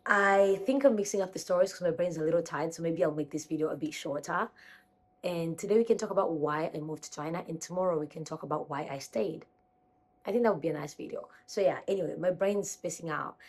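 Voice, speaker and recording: A young woman from Kenya talks casually into a phone camera at home, rambling and correcting herself as she goes. Her voice sits a little low. She addresses her viewers directly in a loose, chatty way. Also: brisk. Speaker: vlogger.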